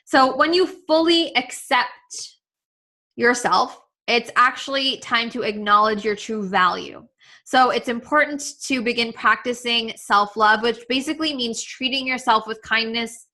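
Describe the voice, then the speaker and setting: A woman's voice: fairly high pitch, measured pace, bright, forceful tone. A woman coaching a live webinar, earnest and emotional, repeating herself with many fillers, speaking over a video call. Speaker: confidence coach leading a webinar.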